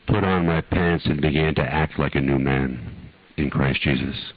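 Deep-voiced older man preaching a story. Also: normal speed, no room sound. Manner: folksy, dramatic, rising to impassioned. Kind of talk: storytelling sermon. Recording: dull lo-fi archive talk recording.

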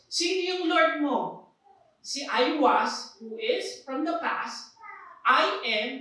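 A woman's voice: high-pitched, fairly bright tone. Filipino woman preaching in an echoing hall. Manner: emphatic, repeats phrases, mixes in English. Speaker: pastor. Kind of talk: sermon. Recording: echoey hall, voice far from mic.

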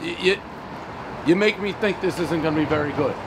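A man's voice: fairly high pitch, brisk. A man giving a casual, profane, joking pizza review on a city street corner. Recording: street traffic noise.

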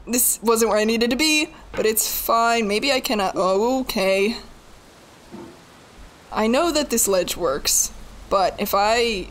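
Slow-talking young woman streaming a frustrating game. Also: a little high, lively intonation, a little hiss or hum. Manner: frustrated, pleading and swearing under her breath; self-mocking with bursts of laughter. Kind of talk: live gaming commentary.

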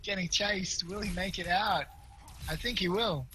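A young man casting an online game match, excitable and rambling, his voice going hoarse and tired. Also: high-pitched, slight background noise, low-quality recording. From Australia or New Zealand. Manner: excitable, fast, rambling with fillers. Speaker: esports caster. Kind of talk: play-by-play game commentary.

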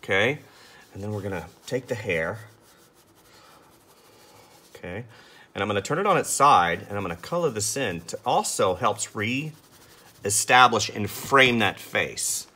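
Brief: artist narrating his sketch in a lively, sharp, husky voice. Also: on the low side, unhurried, long pauses. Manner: chatty, self-amused, talks while sketching. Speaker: artist teaching drawing. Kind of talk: casual drawing tutorial chat.

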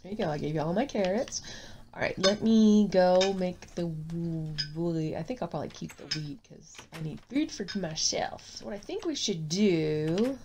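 A woman's voice: lowish voice, normal speed, darkish tone, a little hiss or hum. A woman with a stuffy nose hosting a gaming video, chatting casually and rambling through her play. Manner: chatty, rambling, sing-song repetitions. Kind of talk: casual gameplay commentary. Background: faint clinking of dishes.

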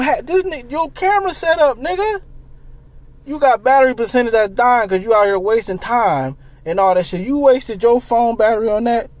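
A man ranting in casual commentary, animated and profane, firing off rhetorical questions. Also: very high-pitched. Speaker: commentary vlogger.

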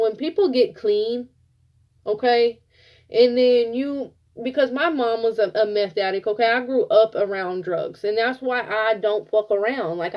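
A woman giving a casual tarot reading, blunt and profane, telling it like an animated story. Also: mid-range voice, dull audio. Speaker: tarot reader.

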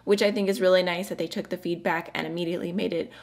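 A woman's voice: fairly low pitch, fairly even intonation, fast, a little mellow. Bubbly young woman reviewing makeup. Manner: bubbly and chatty, laughs often. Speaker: beauty vlogger. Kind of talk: casual makeup review chat.

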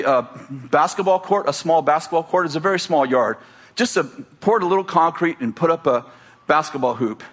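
A man's voice: on the high side, a bit bright. A middle-aged male pastor preaching to a congregation in a conversational, joking manner. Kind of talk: sermon. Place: church before a congregation.

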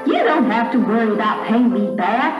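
A kindly mother speaks gently and slowly, as a woman plays her. Her voice is high and lively. The sound is muffled and roomy, recorded from a distance with music behind. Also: lightly acted. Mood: gentle. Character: kindly mother of young Tao. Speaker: stage actor. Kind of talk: staged story performance.

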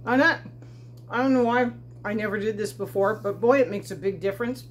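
A woman talks casually while she cooks in her home kitchen, chatty and quick to poke fun at herself. Her pitch sits in the middle, and a faint hum runs under her voice. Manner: chatty and self-deprecating, talking while cooking. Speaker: homesteading channel host. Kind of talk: casual cooking demonstration.

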